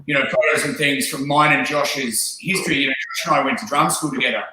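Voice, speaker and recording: A man's voice: mid-range voice, fast talker. A man, an actor chatting casually and laughing as he tells stories. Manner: relaxed, chatty, laughs while telling stories. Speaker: actor in the film. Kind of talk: casual video-call chat. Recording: very echoey room.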